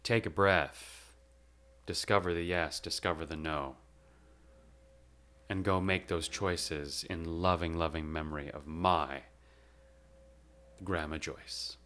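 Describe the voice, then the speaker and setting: A young man as host of his own show, delivering a measured, reflective eulogy with slow, emphatic pauses. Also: deep voice, steady tone, pushed and bright. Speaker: podcast host.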